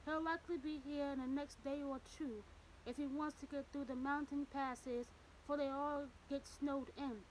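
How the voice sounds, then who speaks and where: A woman's voice: high-pitched, steady tone, moderate pace, slight background noise, natural voice, poor audio. A woman reading as a jovial German shopkeeper. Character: burly German shopkeeper, grinning, jovial man.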